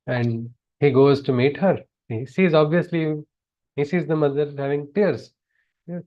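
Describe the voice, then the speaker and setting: A man's voice: a little high, unhurried, dull audio. A man chanting scripture verses and explaining them in an earnest teaching discourse over a video call. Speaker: spiritual teacher.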